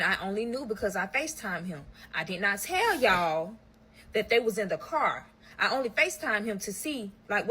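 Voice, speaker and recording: A woman's voice: medium pitch, poor audio. A woman telling a story straight to her viewers in a casual vlog, blunt and heavy on profanity. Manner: acts out quotes in other voices. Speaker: storyteller recounting a breakup.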